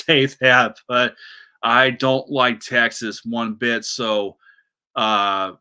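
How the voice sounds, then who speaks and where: A man's voice: on the low side, pushed and bright. A man hosting a solo sports podcast, ranting animatedly with many restarts and asides.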